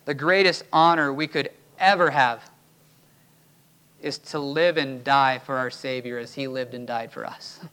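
A man's voice: mid-range voice, fairly even intonation, measured pace, sharp tone, clear, resonant tone. A man preaching a sermon from the pulpit as pastor of a church, emphatic and urging his listeners. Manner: emphatic, rising to urgent exhortation.

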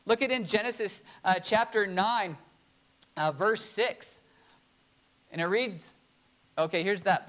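Man, pastor, high voice, sermon, slow emphatic reading, short laughs. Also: fairly bright tone, poor audio.

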